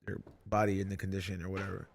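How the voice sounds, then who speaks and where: A man's voice: sits low, flat delivery, racing, creaky, a little hiss or hum. A man hosting a podcast in loose, rambling casual chat, swearing freely. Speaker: podcast host.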